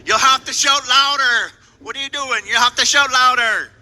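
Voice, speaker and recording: A defiant prophet with a bright, high voice calls out to the crowd, as a man takes the part in a church skit. His firm, repeated challenges ring out with a long echo through a large hall. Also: normal speed. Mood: mocking. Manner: repeats lines back loudly and firmly. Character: bold old male prophet, defiant and mocking.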